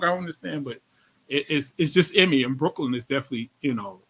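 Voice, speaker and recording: A man's voice: on the high side, expressive, fast talker, a bit bright, slightly rough, poor audio. A man with a New York accent hosting a radio interview, chatting casually in slang and repeating his phrases. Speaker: radio show host.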